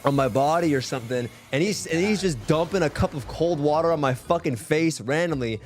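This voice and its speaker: Profane young man, animated and high-voiced. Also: a little fast, soft background music. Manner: profane, animated, heated retelling. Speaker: streamer. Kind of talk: casual storytelling on a live stream.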